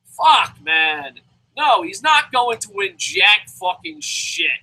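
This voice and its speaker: A man's voice: extremely high pitch, sing-song, takes it slowly, vocal fry, sharp tone, rough recording. A man reviewing a wrestling show, ranting heatedly, swearing constantly and mocking in his commentary. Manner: mocking, acts out impressions.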